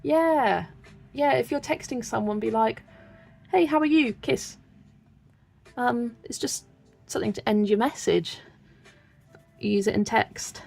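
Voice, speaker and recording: Chatty young Wiltshire woman, gravelly edge. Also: fairly high pitch, a little slow, a little mellow, soft background music. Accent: West Country English, light. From Wiltshire, England. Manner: chatty, laughs often, reads chat aloud. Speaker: colouring channel host. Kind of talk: casual livestream chat while colouring.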